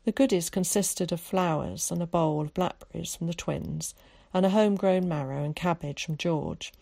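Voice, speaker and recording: Low, calm woman narrating a story. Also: moderate pace, vocal fry. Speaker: audiobook narrator. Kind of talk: scripted narration.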